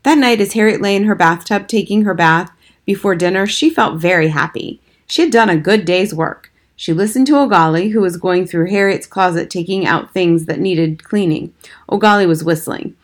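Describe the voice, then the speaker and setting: A woman reading a children's book aloud as narrator, steady and expressive. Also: on the low side, normal speed. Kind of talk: scripted storybook narration.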